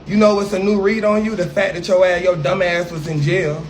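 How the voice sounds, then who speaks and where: A man's voice: sits high, little pitch movement, fairly quick, slight background noise. A man ranting brashly on a livestream, profane and sassy as he fires back at a critic.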